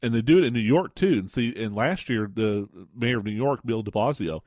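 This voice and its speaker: A man with an average-pitched voice co-hosts a radio talk show in a studio. He rambles through jokey stories with many fillers. The sound is dry and close. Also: brisk, darkish tone, dry recording. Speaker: radio co-host. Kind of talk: casual radio chat.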